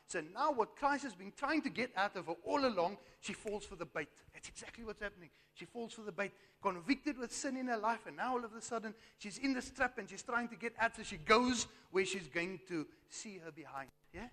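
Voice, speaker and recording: A man's voice: high voice, lively intonation, fairly quick, few pauses, a bit bright. A man preaching a sermon with emphatic rhetorical asides, his voice straining. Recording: long hall reverb.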